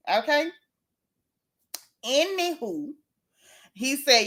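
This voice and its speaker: Middle-aged woman, animated casual commentary, voice sitting a bit high. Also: moderate pace. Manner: animated, exclaiming, chatty. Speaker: gossip vlogger.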